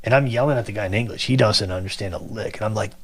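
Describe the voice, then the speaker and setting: A man casually telling a long personal story, animated and acting out the people he quotes. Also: fairly low pitch, quick pace, husky. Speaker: guest telling his story.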